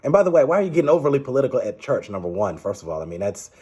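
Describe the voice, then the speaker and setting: A man's voice: medium pitch, big pitch swings, racing, a little mellow, breathy edge. A man giving casual, rambling political commentary, exasperated and restarting his sentences often.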